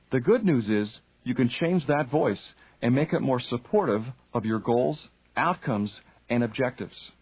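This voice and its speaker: A man's voice: mid-range voice, darkish tone, husky, no echo, low-quality recording. A man reading a self-help audiobook, speaking directly to the listener and asking questions. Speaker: audiobook narrator. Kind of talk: scripted self-help narration.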